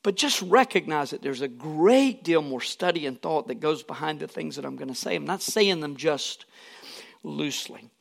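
Gravelly-voiced man preaching a sermon. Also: on the high side, lively intonation, normal speed. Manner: earnest, emphatic preaching with asides. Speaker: pastor.

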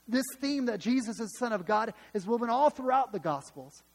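High-voiced man preaching in an echoing hall. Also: lively intonation, a little fast, few pauses. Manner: emphatic, retelling scripture in dramatic voices with many restarts. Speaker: pastor. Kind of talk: sermon.

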